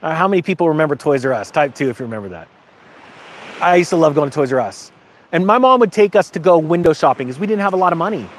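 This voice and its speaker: High-voiced man telling a story. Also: fast, a little hiss or hum. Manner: animated storytelling, rises in pitch for quoted lines; motivational, asks the audience questions. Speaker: host. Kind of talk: casual talk to viewers.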